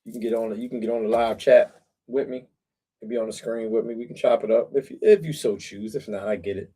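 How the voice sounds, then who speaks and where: A man's voice: lowish voice, fast talker, warm tone, husky. A middle-aged man chatting casually on a livestream from a cold backyard shed, talking straight to his viewers with slang and fillers. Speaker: livestream host.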